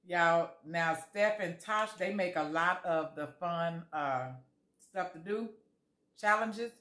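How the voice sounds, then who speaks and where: A woman's voice: fairly low pitch, slow pace, a bit bright. A woman food vlogger tasting jellies on camera, chatting casually to her viewers with savoring murmurs between bites.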